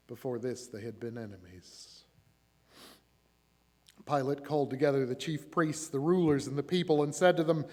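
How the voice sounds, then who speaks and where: A man giving a dramatic scripture reading in a church, changing his voice and loudness to bring the quoted speakers to life. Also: on the high side, in a large hall. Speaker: church reader. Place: church sanctuary.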